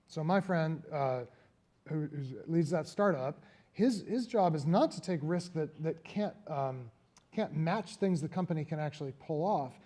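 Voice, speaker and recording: Higher-voiced male author speaking reflectively. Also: a little slow. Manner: reflective, animated storyteller who laughs often. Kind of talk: public conversation before a live audience.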